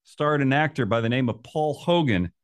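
A man's voice: medium pitch, animated, moderate pace. A man hosting a podcast, asking questions in an upbeat, chatty way. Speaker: podcast host. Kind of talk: casual podcast interview.

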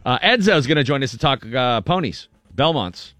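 A man hosts a morning radio show in a casual, chatty way. His pitch swings widely as he reads news aloud and slips into playful voices for the people he quotes. The sound is close and dry. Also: very animated, moderate pace, fairly bright tone, no echo.

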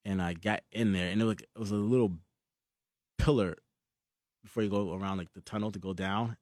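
A man's voice: lowish voice, fairly even intonation, brisk, darkish tone, dry recording, studio quality. A young man in casual chat, telling a story with lots of fillers and laughs.

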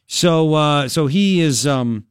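A man hosting a political talk radio show, combative and sarcastic, talking fast and loose with frequent asides. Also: on the high side, clean tone, no echo, studio quality.

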